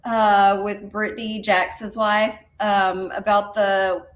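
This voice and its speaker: A woman's voice: medium pitch, little pitch movement, slow pace. A woman co-hosting a podcast in casual chat, telling chatty stories with frank asides. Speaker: podcast co-host.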